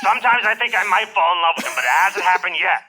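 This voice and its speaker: A man's voice: sits high, lively intonation, racing, music in the background, poor audio. A man voicing a brash, exasperated wife in a comedic tabletop role-play. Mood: flustered.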